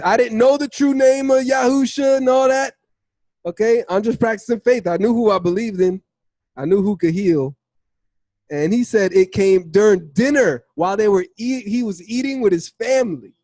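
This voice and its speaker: A young man with a slightly high voice shares a testimony in a relaxed, conversational teaching style. He slips into the voices of the people in his story as he retells it, over a dry, close sound. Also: normal speed, dry recording. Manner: animated storytelling, acts out dialogue with "I was like". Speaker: Bible study teacher.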